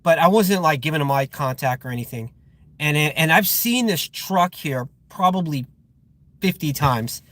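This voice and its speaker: A man's voice: on the high side, expressive, moderate pace, a bit bright, dry recording. A man working as a security guard, chatting casually on a live stream, rambling with fillers and sounding irritated. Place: outdoors at a guarded facility.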